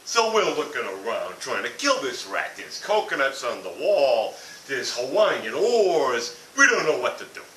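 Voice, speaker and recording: A man's voice: medium pitch, big pitch swings, measured pace, few pauses, sharp tone. A man telling a blunt, profane comic rant about a family vacation. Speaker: comedic ranter. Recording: echoey room from far off with hiss.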